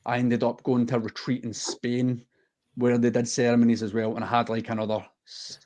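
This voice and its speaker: A man's voice: medium pitch, completely flat delivery, brisk, darkish tone. A man from the west of Scotland with a Scottish accent, a podcast guest telling a personal story in an earnest, heartfelt and unguarded way.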